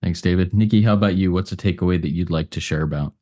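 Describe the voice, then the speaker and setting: A man moderating a recovery roundtable, measured and appreciative, with some halting restarts. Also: deep voice, dark tone.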